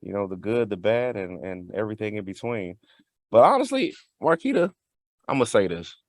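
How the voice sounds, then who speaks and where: A Southern man hosting a loose talk show, his pitch swinging all over as he teases and breaks into laughs. The sound is close and dry, with no room in it. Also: moderate pace, dry recording. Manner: teasing, laughs often, lively swings in pitch. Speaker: host. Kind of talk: casual chat.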